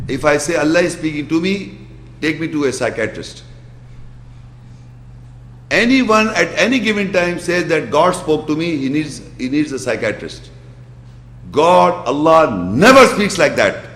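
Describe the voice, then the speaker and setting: A man giving a religious lecture, asking his listeners pointed questions and quickly reciting Arabic verses before explaining them. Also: a little high, a bit bright. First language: Urdu. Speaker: Islamic lecturer. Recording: echoey hall.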